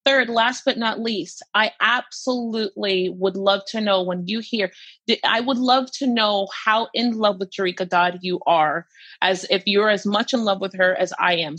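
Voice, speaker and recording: A woman's voice: medium pitch, fairly bright tone, dry recording. Gushing, emphatic woman podcast host. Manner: gushing, emphatic, repeats phrases. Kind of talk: casual podcast chat.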